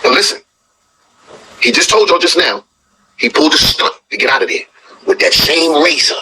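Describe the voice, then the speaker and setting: A man's voice: fairly high pitch, big pitch swings, normal speed, sharp tone, slight background noise, poor audio. A man hosting a reaction video, telling a story in blunt, profane, scoffing casual commentary.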